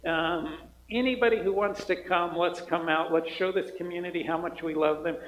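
High-voiced pastor in an echoey hall. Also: male voice, steady tone, normal speed, fairly bright tone. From Montana. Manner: friendly, joking, informal with fillers. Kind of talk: church announcements and prayer. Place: church sanctuary. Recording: echoey hall, dull sound.

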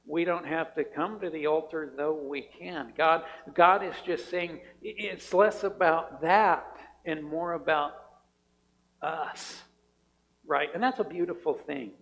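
A man's voice: a little high, slow, fairly bright tone, in a large hall, low-quality recording. A man preaching a sermon in a conversational way, often repeating words and asking his listeners "right?". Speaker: pastor.

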